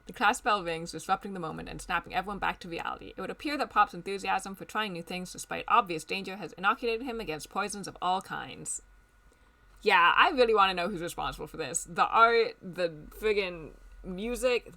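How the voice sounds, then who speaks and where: A woman streamer in casual gaming commentary, reading game text aloud, joking and reacting loudly and playfully. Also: lowish voice.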